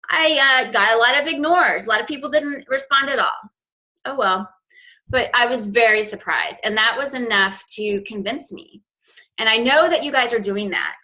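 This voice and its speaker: A woman's voice: on the high side, moderate pace, sharp tone, rough recording. A woman coach giving a chatty, informal training talk to her team, with plenty of fillers and restarts. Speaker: fitness business coach.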